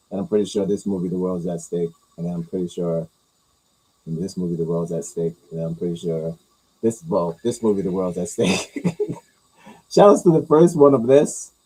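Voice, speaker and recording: On a rough recording, a man with a husky voice hosts a podcast and riffs on comments in a casual, joking way. He rambles and repeats himself, swinging loud and high for bits.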